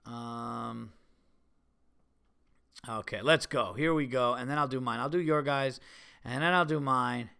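A male podcast host from New York speaks at medium pitch and a measured pace, his tone clear and resonant yet gravelly, pausing often. Casual and animated, he tells a story and voices the people in it.

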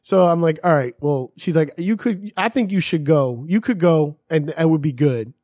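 A man's voice: on the high side, normal speed, warm tone, no echo. A man telling a story in casual chat, swearing often and acting out the people he quotes.

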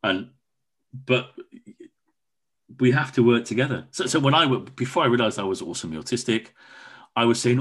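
A man's voice: mid-range voice, brisk, pauses often, fairly bright tone, breathy edge. A man, a podcast guest chatting enthusiastically over a video call and often repeating words. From Cornwall, England. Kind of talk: casual conversation.

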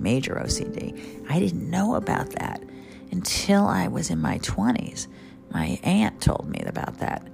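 Over a backing of guitar music, a middle-aged storyteller shares family tales on a radio podcast in a funny, conversational style, turning now and then to address listeners. She has a low-pitched, slightly mellow voice with vocal fry.

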